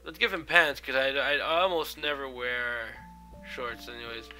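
A man's voice: mid-range voice, a little slow, bright, forceful tone, soft background music. A young man with a stuffy nose from a cold, rambling through casual gameplay commentary with many fillers. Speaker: gaming video host.

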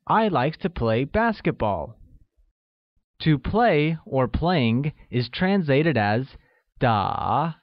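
A man narrates a scripted language lesson at an unhurried, deliberate pace, laying out each phrase for learners. His voice sits a bit high. The recording is dry and somewhat dull, like a lo-fi voice-over. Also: no echo. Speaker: language teacher.

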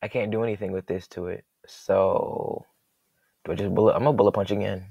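A young man giving casual, jokey play-by-play of his own game, thinking aloud and reacting loudly to each turn. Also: on the low side, steady tone, brisk, gravelly, breathy edge, dry recording, lo-fi sound. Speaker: gaming commentator.

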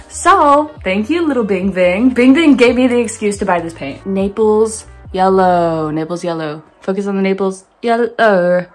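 A young woman chatting playfully in her bedroom as she talks through a painting project, wandering off into rambling asides. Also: mid-range voice. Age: young adult. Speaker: art vlogger. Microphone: phone camera.

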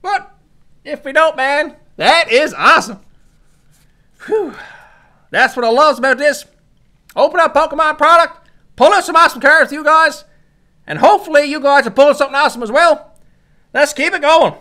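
High, bright card opener. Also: moderate pace, long pauses. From Newfoundland, Canada. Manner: excitable, hyped-up, calls out each card. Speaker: YouTuber opening trading card packs. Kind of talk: casual pack-opening commentary.

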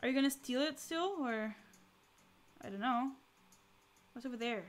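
A woman playing through a game, making relaxed, quietly sarcastic asides. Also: sits high, normal speed. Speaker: gameplay streamer. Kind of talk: casual game commentary.

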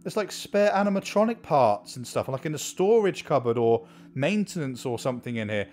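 Excitable man narrating horror gameplay. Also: fairly high pitch, normal speed, hardly any pauses. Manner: excitable, mutters repeated counting under his breath. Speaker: gameplay commentator.

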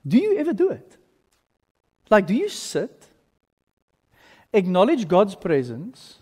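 High-voiced South African pastor preaching. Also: male voice, unhurried, long pauses. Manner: animated storytelling, swinging from loud to hushed. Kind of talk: sermon. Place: large church hall. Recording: long reverb in a church hall.

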